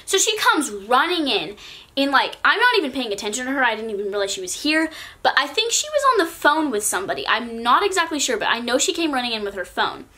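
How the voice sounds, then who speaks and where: Bright-voiced chatty teen girl. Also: high-pitched, big pitch swings, fast talker. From California. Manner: chatty, peppers speech with "like". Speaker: vlogger. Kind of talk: casual storytime vlog.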